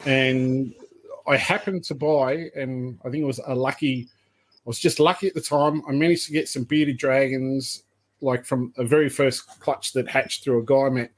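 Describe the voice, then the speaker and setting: A python breeder in his fifties with an Australian accent rambles through long anecdotes as a guest on a casual podcast. His medium-pitched voice holds a steady tone at a moderate pace.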